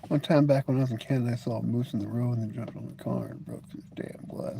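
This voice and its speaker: A man's voice: mid-range voice, steady tone, fast talker, creaky, hardly any pauses, mellow, husky. A middle-aged man hosting a live stream, chatting casually with viewers. He rambles, jokes and leans on "you know" as he talks. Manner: rambling and joking, full of "you know" and restarts.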